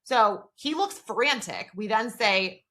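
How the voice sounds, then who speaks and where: A woman's voice: on the high side, expressive, slow pace, fairly bright tone. A woman co-hosting a podcast, retelling TV scenes in casual chat, quoting characters and using a lot of filler words. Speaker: podcast co-host.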